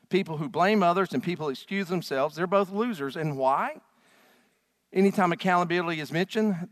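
Pastor guy preaching, high voice, jokey and lively, lots of hall echo. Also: studio quality. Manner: lively, joking, rhetorical questions. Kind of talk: sermon. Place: church hall with live audience.

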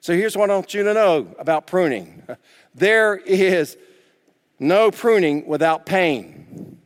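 A man preaching a sermon as pastor, emphatic and repetitive, dropping suddenly to quiet. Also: sits high, expressive, takes it slowly, in a large hall.

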